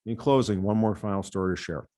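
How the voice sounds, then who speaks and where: A man's voice: lowish voice, fast talker, warm tone. A man from the US Midwest giving prepared testimony to a committee as a patient safety advocate, earnest and often repeating words as he goes. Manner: earnest, with frequent word repeats.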